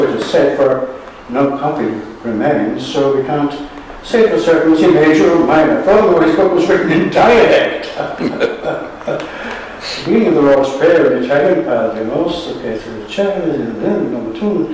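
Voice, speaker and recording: A man's voice: a little high, expressive, normal speed, darkish tone, distant mic, a little hiss or hum. Wry Irish man in an echoey hall. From Ireland. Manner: wry and sardonic, chuckling at his own jokes. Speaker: poet. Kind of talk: poetry reading at a book launch. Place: museum hall at a live event. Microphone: room recording from a distance.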